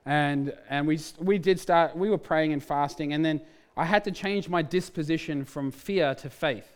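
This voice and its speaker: A man's voice: fairly high pitch, normal speed. A man, a pastor, telling a candid personal testimony in a sermon, with restarts and self-mocking humor.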